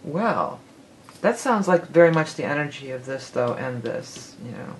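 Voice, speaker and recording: A woman's voice: very deep voice, expressive, normal speed, slight background noise, rough recording. A woman giving a casual tarot forecast, rambling and correcting herself as she goes, with the odd laugh. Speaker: tarot reader.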